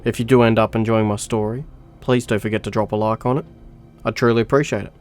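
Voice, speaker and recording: A man's voice: fairly low pitch, steady tone, fast, a little mellow. A young man narrating a survival game story in a dry, matter-of-fact way. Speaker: gaming channel narrator.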